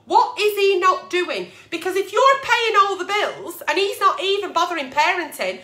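High, lively, foul-mouthed woman. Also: unhurried, hardly any pauses, echoey room. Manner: blunt, profane and animated. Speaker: agony aunt host. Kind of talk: ranting advice vlog.

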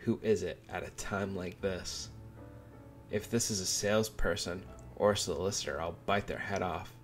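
A man's voice: sits low, fairly even intonation, moderate pace, faint music behind, close to an everyday voice. A man reading aloud the lines of a stern, worried teenage boy from a manga, in nearly his own voice. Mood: scolding. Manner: read aloud from a manga, barely acted.

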